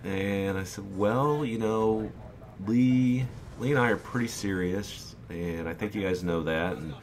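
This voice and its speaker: A man in his twenties casually telling a personal story over gameplay, candid and animated, often quoting what people said. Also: fairly low pitch, measured pace, slight background noise. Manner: candid, animated retelling with quoted dialogue. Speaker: gaming YouTuber.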